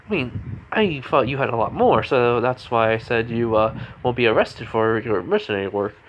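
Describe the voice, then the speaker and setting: Man doing a fussy principal figure, polite, slightly high, unhurried, amateur story reading. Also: expressive, dull audio, slight background noise, close to an everyday voice. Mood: reassuring.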